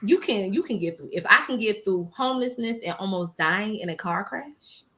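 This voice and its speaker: A woman in her forties shares her life story in a relaxed interview. She talks in an animated, emotional way, acting out what she said back then and laughing through the rough parts. Her pitch sits in the middle range for a woman. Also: moderate pace, a little hiss or hum. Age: 40s. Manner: animated and emotional, quotes herself, laughs between hard memories. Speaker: small business owner, interview guest. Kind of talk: personal storytelling in a casual interview.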